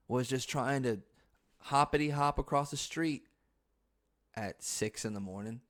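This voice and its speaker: A young man hosting his own podcast, chatting casually about his week. He talks loosely and profanely, jumping between quiet asides and sudden loud bursts. His pitch sits in an ordinary middle range. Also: measured pace, pauses often. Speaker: podcast host. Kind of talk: casual storytelling monologue.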